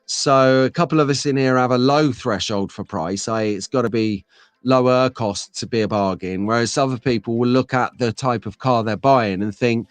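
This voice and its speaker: A man's voice: medium pitch, normal speed, dry recording. A middle-aged man hosting a live stream, chatting casually and reading out viewer comments. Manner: chatty, rambling, reads chat comments aloud. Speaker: host of a live stream show.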